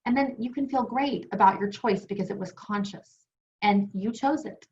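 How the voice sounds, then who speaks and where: A woman's voice: mid-range voice, normal speed, darkish tone. Enthusiastic woman on a muffled video call. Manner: enthusiastic, chatty, uses personal stories. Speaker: wellness program co-host. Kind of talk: online webinar teaching. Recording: dull lo-fi video call audio.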